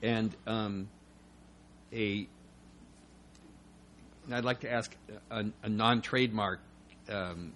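A man in the audience of a public meeting who asks detailed questions carefully and hesitantly, with pauses. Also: fairly low pitch, steady tone, a bit bright, slight background noise.

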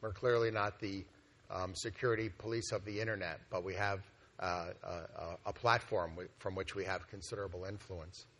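Male executive at a conference, slightly low pitch, relaxed talk full of fillers and restarts. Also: normal speed. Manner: conversational, with frequent fillers and restarts. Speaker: organization executive presenting a plan. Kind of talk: conference presentation. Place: meeting hall at a conference.

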